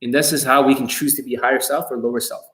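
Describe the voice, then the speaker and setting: A man coaching viewers on a live stream, talking in a blunt, heavily profane, confrontational way and swinging between loud jabs and low asides. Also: little pitch movement, fast talker, poor audio. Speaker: dating coach livestreaming to viewers. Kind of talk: live stream rant, reading viewer comments.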